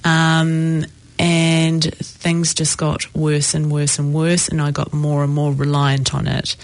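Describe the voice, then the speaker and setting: A woman telling her own recovery story in a reflective, halting way with many pauses. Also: low voice, monotone, dry recording. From New Zealand. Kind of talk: personal testimony.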